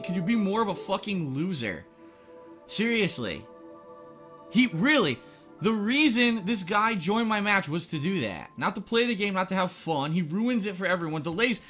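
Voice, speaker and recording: A man streaming a video game who rants angrily and swears, with sudden loud outbursts. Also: high-pitched. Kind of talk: live gameplay commentary.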